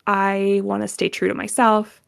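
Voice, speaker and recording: A woman's voice: mid-range voice, completely flat delivery, moderate pace, vocal fry, no echo, clean studio sound. A woman from North Carolina with a general American accent, a guest voice actor chatting casually and upbeat in an interview. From North Carolina, USA. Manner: chatty and upbeat, laughs easily, with fillers.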